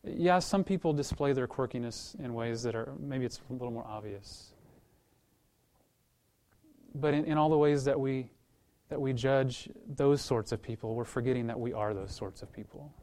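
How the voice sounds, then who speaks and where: Male pastor, conversational sermon delivery, lively storytelling with acted-out voices, restarts mid-phrase. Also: mid-range voice, moderate pace. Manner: animated storytelling, acts out quoted voices; conversational, repeats words as he restarts.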